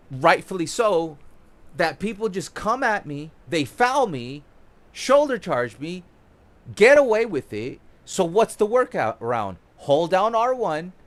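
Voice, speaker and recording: A young man giving casual, excited tutorial commentary on his own gameplay, swearing now and then as he demonstrates moves. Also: sits high. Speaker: gaming YouTuber.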